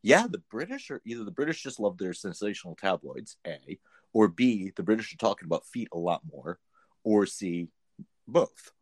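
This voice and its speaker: A man's voice: fairly low pitch, sing-song, moderate pace, dry recording. A man co-hosting a casual podcast chat, full of dry, sarcastic asides. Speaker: podcast co-host.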